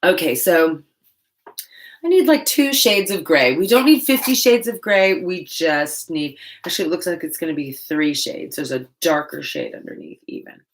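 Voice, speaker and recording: Woman, low voice, casual livestream chat, self-mocking asides, painting at home. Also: animated, normal speed. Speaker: livestream host. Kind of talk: casual live-stream chat while painting.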